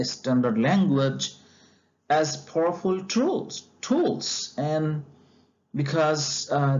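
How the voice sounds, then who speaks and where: Slow, deliberate male lecturer, lo-fi sound. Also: a little high, a little mellow. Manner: slow and deliberate, frequent fillers and restarts. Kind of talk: explaining a textbook chapter.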